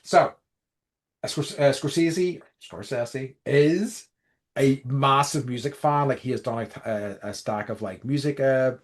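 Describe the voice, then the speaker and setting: A man's voice: mid-range voice, measured pace. Rambling young podcast co-host, a man. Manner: rambling, many fillers and restarts. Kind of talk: casual chat.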